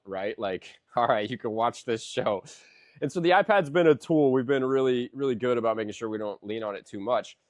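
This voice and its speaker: A man's voice: on the low side, no echo, studio quality. A man in his thirties in casual podcast chat, a rambling storyteller who swears a lot and keeps saying "dude".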